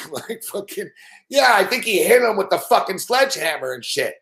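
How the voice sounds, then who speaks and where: A man with a high voice rants about a lost bet, swearing nonstop and acting out every moment. The echo of a bare room rings around his words. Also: fairly quick, creaky. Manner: swears constantly, animated, acts out scenes. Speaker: sports betting show host. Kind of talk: profane ranting live-stream chat.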